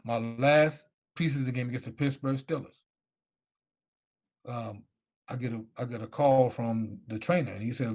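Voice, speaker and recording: A man's voice: medium pitch, moderate pace, darkish tone. A middle-aged man telling his story animatedly in a live Q&A, acting out the voices of people he quotes. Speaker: guest speaker.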